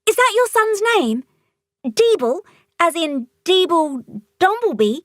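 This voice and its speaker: A woman reading as a small, earnest witch girl, voice pitched up high, dry close sound. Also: big pitch swings, takes it slowly, no echo, exaggerated voice. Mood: eager. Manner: high, urgent pleading.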